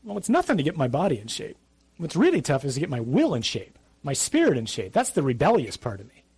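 A man's voice: fairly high pitch, huge pitch swings, fast talker, darkish tone, breathy edge, no room sound. A middle-aged man, a priest, giving a conversational, emphatic sermon with asides.

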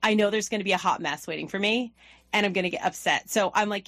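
A woman co-hosting a casual chat, emphatic and quick to interject, slowing down to stress her points. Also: mid-range voice, a bit bright, dry recording. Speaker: podcast co-host.

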